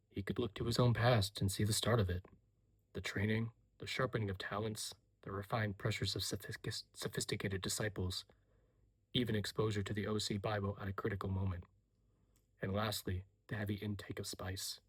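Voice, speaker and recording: Male reader, whispered role-play, husky and breathy, low-pitched. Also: dry recording. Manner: slow, soft-spoken, hushed.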